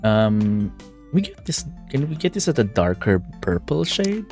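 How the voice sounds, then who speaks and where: A man's voice: medium pitch, sing-song, measured pace, a little mellow, faint music behind. A man streaming a visual novel, commenting casually and chatting with a laugh. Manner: chatty, laughing, self-deprecating. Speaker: game streamer.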